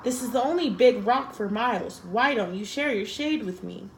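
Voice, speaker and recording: A woman's voice: fairly high pitch, lively intonation, normal speed, slight background noise, rough recording. A woman voicing an irritable, hungry male snake in a spoken animal fable, sounding slightly impatient.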